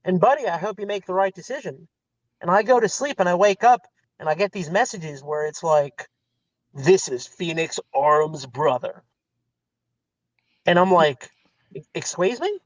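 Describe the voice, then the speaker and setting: A man guest telling a long story in casual chat, rambling and animated, acting out the lines of others. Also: high-pitched, fairly quick, no echo. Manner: rambling, animated retelling with quoted dialogue. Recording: slightly dull lo-fi sound.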